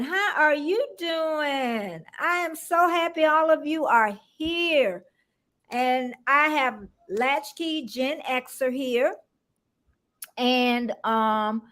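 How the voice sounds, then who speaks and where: An older woman from Florida hosts a casual livestream in a high, bright voice. She chats easily, laughs a lot and calls out viewers by name. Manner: chatty, laughs often, greets viewers by name. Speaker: livestream host.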